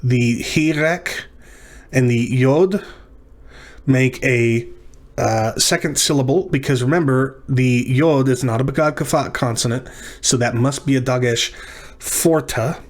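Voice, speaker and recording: A man's voice: medium pitch, unhurried. A man teaching a lecture on syllabification, working through words methodically and correcting himself as he goes. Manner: methodical, self-correcting explanations.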